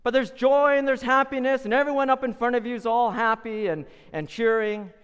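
A man's voice: very high voice, steady tone, fairly quick, a bit bright, clear, resonant tone, long reverb tail, highs cut off. A man preaching a sermon, retelling a parable with dramatic, acted-out voices. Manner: dramatic storytelling, acting out voices.

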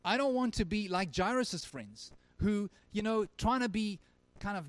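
A man's voice: high voice, lively intonation, normal speed, no echo. Earnest pastor, man with a raised voice. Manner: earnest, swinging from emphatic to very quiet. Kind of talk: sermon. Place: church service.

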